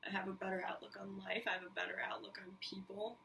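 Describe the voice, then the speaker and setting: A woman hosting her own podcast, telling a personal story in an animated, candid way, with frequent swearing and quick asides. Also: mid-range voice, gravelly. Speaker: podcast host. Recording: mic a little distant, faint hiss.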